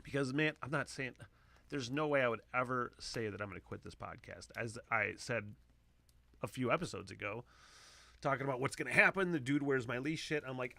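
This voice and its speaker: A man rambles through a solo podcast monologue in a bright, forceful voice, cursing freely. His delivery jumps between loud bursts of enthusiasm and low, trailing mutters. The sound is close-miked and dry, with no room around it. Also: brisk, gravelly, no room sound. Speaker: podcast host. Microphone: close podcast microphone.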